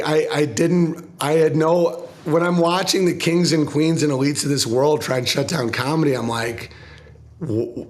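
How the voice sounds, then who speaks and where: A comedian talking casually in an interview, rambling, swearing, and acting out other people's voices. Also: male voice. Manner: profane, rambling, acts out quoted people in lower voices. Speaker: comedian guest.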